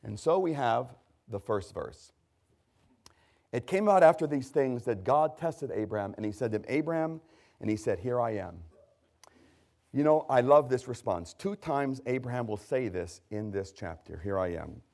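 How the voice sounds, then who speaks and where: A man preaching a sermon with emphatic, drawn-out stresses, asking the congregation questions and answering them himself. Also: mid-range voice, creaky. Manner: lively, emphatic delivery with rising, drawn-out stresses.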